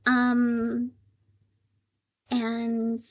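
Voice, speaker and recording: A woman's voice: a little high, monotone, drawn-out words. A woman streaming live, thinking aloud as she translates, with many fillers and emotional asides. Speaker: livestream translator. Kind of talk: casual live-stream chat.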